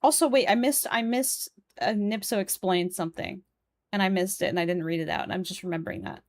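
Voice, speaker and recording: A woman's voice: medium pitch, fairly quick, dry recording. A young woman with a Polish accent, streaming a puzzle game and chatting as she plays, reading the game's text and viewers' messages aloud. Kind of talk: live game stream commentary.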